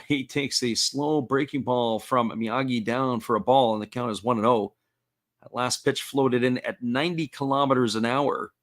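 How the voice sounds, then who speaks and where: A man calling a baseball game live, his voice sitting at an everyday middle pitch. He talks in an easygoing, folksy way, describing each pitch and chatting with viewers in between. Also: normal speed. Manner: steady, folksy play-by-play with asides to chat. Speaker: play-by-play commentator.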